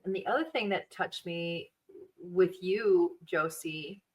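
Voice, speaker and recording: A woman's voice: on the low side, slow pace, poor audio. A woman hosting a podcast, chatty and encouraging, drawing out her guest in a casual chat. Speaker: podcast host.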